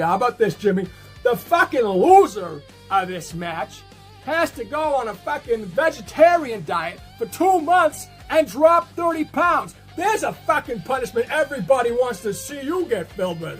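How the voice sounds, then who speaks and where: A man's voice: very high voice, a bit bright. A man cutting a brash, profane wrestling promo, mocking his opponent while driving a car. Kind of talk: trash-talking wrestling promo.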